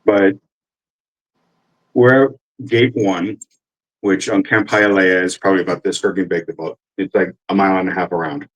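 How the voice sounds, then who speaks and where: A man's voice: low voice, steady tone, normal speed, poor audio. A man in his forties, an army veteran telling a casual, rambling story full of cursing and fillers. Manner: rambling, profane, with many fillers.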